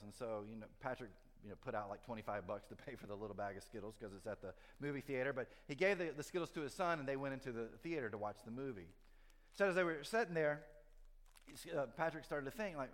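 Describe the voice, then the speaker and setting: Pastor preaching in a reverberant church. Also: male voice, medium pitch, quick pace. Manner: storytelling, shifts from lively to hushed and earnest. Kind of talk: sermon. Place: church sanctuary. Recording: long hall reverb.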